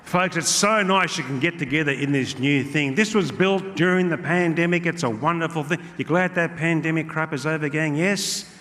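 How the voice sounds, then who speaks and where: A brash Australian comedian works the room with punchy, teasing stand-up. His voice is forceful and bright and sits a little high for a man. It rings through a large hall with a long reverb over a faint crowd. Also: moderate pace, few pauses. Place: large club function hall.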